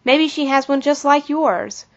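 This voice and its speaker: A sensible, friendly schoolgirl speaks politely and evenly, as a woman voices her in a storybook reading. Her voice is a bit high and the audio sounds dull. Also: a little slow.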